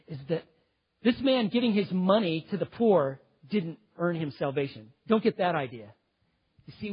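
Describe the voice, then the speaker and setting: A slightly high, husky male voice delivers a sermon, climbing to loud emphasis and dropping to near-hushed intensity. The recording sounds muffled and lo-fi. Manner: dynamic preaching, swings between loud emphasis and quiet intensity. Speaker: pastor.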